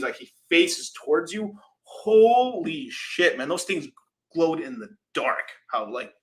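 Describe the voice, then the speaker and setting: A man's voice: mid-range voice, pushed and bright. A young man hosting a casual crypto livestream, rambling loosely, swearing freely and reading out viewer super chats.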